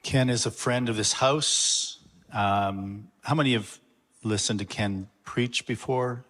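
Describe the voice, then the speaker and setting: A man, the pastor, earnestly introducing a guest to his congregation, with halting pauses. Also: mid-range voice, fairly bright tone. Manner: earnest, halting address with fillers. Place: church sanctuary. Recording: long church reverb.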